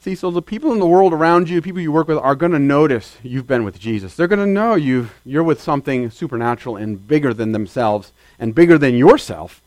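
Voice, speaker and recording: A man's voice: a little high, expressive, a little fast, few pauses, a little mellow, dry recording. A man preaching a sermon in a conversational way, asking his listeners rhetorical questions and rising into sudden emphasis.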